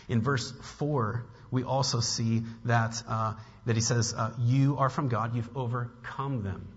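A man's voice: medium pitch, fairly even intonation, measured pace, hardly any pauses. Man, pastor, conversational sermon, restarts and fillers, long reverb, dull audio.

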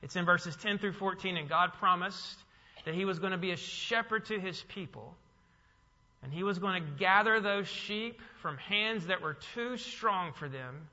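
A man's voice: sits high, normal speed, pushed and bright, long reverb tail, highs cut off. A man preaching a sermon as pastor, emphatic, with rhetorical questions to the congregation.

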